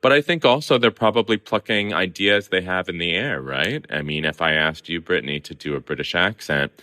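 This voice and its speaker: Articulate male guest from Southern California, very deep voice with a crisp, forceful tone. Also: fairly quick. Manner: articulate, opinionated. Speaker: guest film columnist. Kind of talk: conversational interview.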